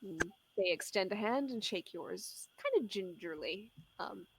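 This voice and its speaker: A woman game master narrating a tabletop scene with a lively, swooping delivery. Her voice has a gravelly fry at the ends of phrases. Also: medium pitch, a little slow, background noise.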